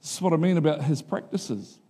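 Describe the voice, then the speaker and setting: A man's voice: a little fast, slightly rough. A middle-aged male pastor preaching a sermon in a casual, conversational way, often asking the congregation if they are following him. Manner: acts out quotes in a higher animated voice.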